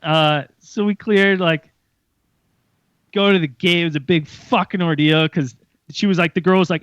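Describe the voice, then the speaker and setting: A young man co-hosting a podcast, telling a story in a lively, profane way and acting out the voices of others. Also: on the high side, normal speed, smooth, no echo. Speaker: podcast co-host. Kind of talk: casual storytelling chat. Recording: muffled lo-fi sound.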